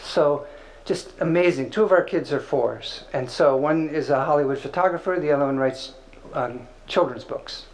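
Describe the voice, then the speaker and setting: A man with a high voice gives a relaxed spiritual teaching talk. His delivery is conversational and playful, dotted with filler words, like someone chatting with a small class. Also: slight background noise, rough recording.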